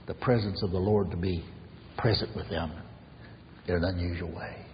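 Male pastor, very low voice, earnest sermon, hushed asides, long church reverb, muffled recording. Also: moderate pace, a little hiss or hum. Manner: earnest preaching, drops to soft near-whispers for emphasis.

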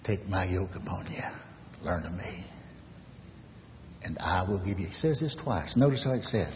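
A man preaching an earnest sermon as pastor, swinging from raised emphasis to soft near-whispers. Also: low voice, normal speed, long pauses, big-room sound, lo-fi sound, a little hiss or hum.

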